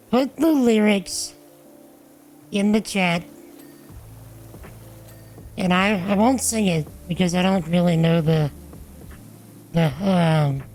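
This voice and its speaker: A woman's voice: on the low side, darkish tone, low-quality recording. A woman live-streaming a game, chatting casually and playfully with her chat and a friend.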